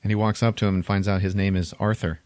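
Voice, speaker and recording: Lively man retelling a movie plot. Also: low voice, quick pace, no echo, studio quality. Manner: animated retelling with acted-out quotes and laughter. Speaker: podcast co-host. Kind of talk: casual movie recap chat.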